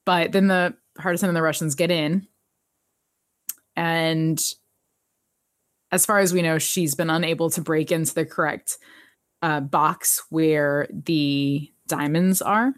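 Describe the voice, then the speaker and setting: Lively woman in casual recap chat. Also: low-pitched, slow pace, long pauses, no echo, clean studio sound. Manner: animated, laughs often, jumps into quoted voices. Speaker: podcast co-host recapping a TV episode.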